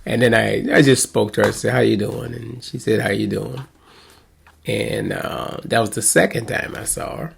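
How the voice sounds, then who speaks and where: A man's voice: fairly low pitch, steady tone, normal speed, gravelly, slight background noise. A middle-aged man, a pastor, casually telling a rambling story with chuckles and restarts. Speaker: pastor and host.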